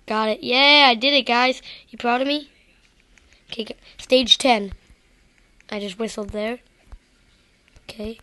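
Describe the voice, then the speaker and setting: A woman's voice: fairly high pitch, fairly even intonation, unhurried, pauses often, pushed and bright, dry recording. A woman giving rambling, self-deprecating gameplay commentary straight to her viewers. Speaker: gaming video creator.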